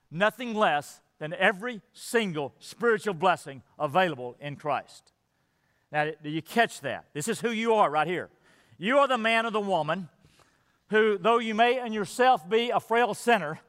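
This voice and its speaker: Male preacher, high voice, earnest emphatic delivery, long church-hall reverb. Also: a bit bright. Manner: earnest, emphatic, repeats words as he builds. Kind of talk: sermon.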